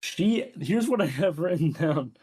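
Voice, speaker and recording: A young man with a slightly high voice bantering loosely with a friend. His talk is animated and jokey, and he often leaps into a higher pitch to clown around. It is relaxed, unscripted chat. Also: a little slow, husky. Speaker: co-host ranking game characters. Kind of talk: casual banter.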